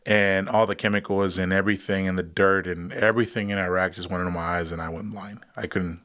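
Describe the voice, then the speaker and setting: A man in his thirties with a somewhat low voice, talking as a podcast guest. He tells his story in a loose, casual way, jumping into the voices of the people in it and laughing as he goes. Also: fast. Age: 30s. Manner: animated, acts out voices in his stories, laughs often. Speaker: guest, combat veteran.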